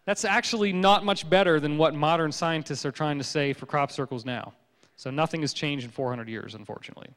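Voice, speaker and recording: A man giving a public lecture, telling stories in a joking, animated way. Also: a little high, a little fast, in a large hall.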